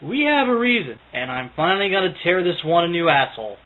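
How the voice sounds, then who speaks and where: A man's voice: fairly high pitch, very animated, quick pace, phone-quality sound. A young man giving a mocking, smug commentary in which he insults his targets. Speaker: online commentator. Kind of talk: video commentary.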